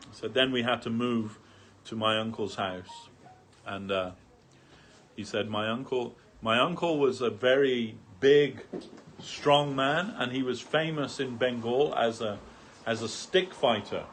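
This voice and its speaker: A man's voice: medium pitch, measured pace, fairly bright tone, slight background noise. A man speaking at a devotional gathering, telling a long anecdote through many quotes, with frequent fillers and restarts. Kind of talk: storytelling talk.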